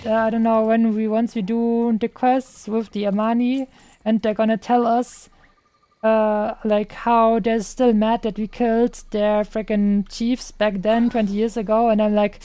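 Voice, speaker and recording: A woman's voice: on the high side, flat delivery, measured pace, warm tone, clean tone. A young woman streaming a game, chatting casually and playfully, tossing in silly sound effects. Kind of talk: casual gaming chat.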